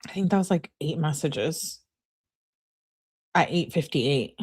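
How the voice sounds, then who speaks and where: A woman's voice: deep voice, animated, slow pace, a little mellow, slightly rough. Exasperated woman reading with sarcastic asides. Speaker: channel host. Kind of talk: live reading with commentary.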